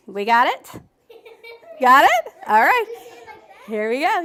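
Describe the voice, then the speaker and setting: A woman first grade teacher, coaxing her class along and sounding out letters slowly and clearly, with short asides explaining her lessons. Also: sits high, big pitch swings, a bit bright. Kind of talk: classroom teaching and interview commentary. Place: elementary classroom.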